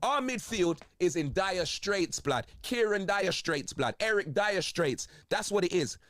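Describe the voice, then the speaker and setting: A man's voice: high-pitched, expressive, unhurried, a bit bright, no room sound, studio quality. A young man with a London accent, ranting in slang-heavy football banter, his voice congested. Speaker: football video host.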